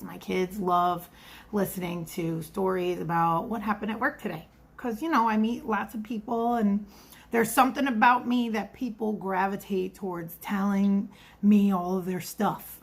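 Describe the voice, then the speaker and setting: Chatty woman with a gravelly voice. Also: mid-range voice. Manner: chatty, rambling asides, acts out quoted voices. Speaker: vlogger and restaurant server. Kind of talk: casual storytelling vlog.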